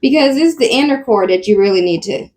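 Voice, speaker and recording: A woman hosts reaction commentary, scolding the people in the clip with blunt remarks. Her voice is high and mellow, and it swings widely in pitch. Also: expressive, fairly quick. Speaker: commentary channel host.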